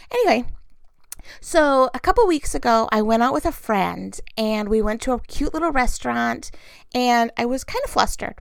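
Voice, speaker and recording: Middle-aged woman, casual vlogger, fry in the voice, dry close mic, animated storyteller. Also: mid-range voice, dry recording. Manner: chatty, laughs often, animated storytelling. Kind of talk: casual chat to camera.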